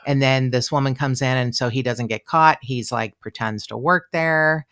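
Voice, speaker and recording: A podcast co-host telling a true-crime case in casual, animated talk, acting out quotes with many fillers. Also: medium pitch, moderate pace.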